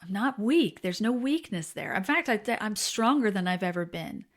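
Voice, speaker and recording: A woman in her forties, a podcast host, telling a frank personal story in a candid, animated way that drops to soft, hushed tones. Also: mid-range voice, normal speed.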